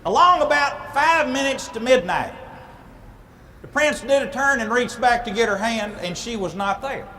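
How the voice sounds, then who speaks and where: A man retells a fairy tale for laughs in a folksy, playful manner, throwing in vocal sound effects. His voice sits very high for a man. Steady room noise runs underneath. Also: moderate pace, big-room sound. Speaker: speaker at church ladies' night. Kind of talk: comic storytelling.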